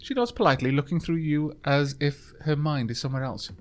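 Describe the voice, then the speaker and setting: Chatty man with lively pitch. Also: fairly quick, hardly any pauses. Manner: chatty, many ums and uhs, reads game text aloud. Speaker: let's play host. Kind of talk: casual gameplay commentary reading dialogue aloud.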